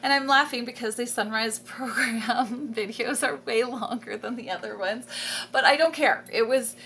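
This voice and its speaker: A woman's voice: fairly high pitch, moderate pace, fairly bright tone, a little hiss or hum. A homeschooling mother talking casually to camera, enthusiastic, repeating words for emphasis and laughing often mid-sentence. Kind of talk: casual vlog talk to camera.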